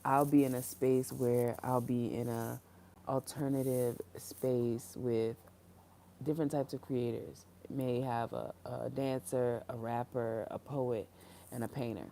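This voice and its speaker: A woman's voice: extremely low pitch, fairly even intonation, unhurried, gravelly, dark tone, a little hiss or hum. A young woman talking alone to the camera on a livestream, earnest and reflective, rambling with fillers and restarts and fighting back tears. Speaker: creator on a solo livestream. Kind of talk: candid solo livestream talk. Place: room, alone.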